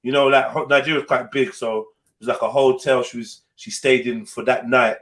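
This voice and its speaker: A young man with a mid-range voice talks briskly. Hosting a podcast, he shares a personal anecdote casually and animatedly, swearing freely and acting out other people's voices.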